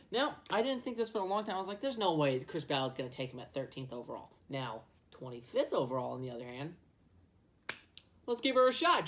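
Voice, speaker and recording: Casual sports host, woman, swears freely, rambles, lively pitch. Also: slight background noise. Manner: profane, rambling, jokey. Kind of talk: casual mock draft commentary.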